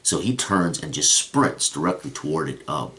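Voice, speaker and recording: A man's voice: a bass voice, animated, moderate pace, pushed and bright. A man acting as game master, recapping a tabletop session in a rambling storytelling manner. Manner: rambling storytelling with frequent restarts.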